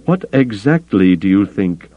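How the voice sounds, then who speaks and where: A man's voice: lowish voice, big pitch swings, unhurried, voice pushed up. Male narrator putting on a raised, hissing voice for a vicious furred alien counselor, dull lo-fi sound. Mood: outraged. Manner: hissing, snarling.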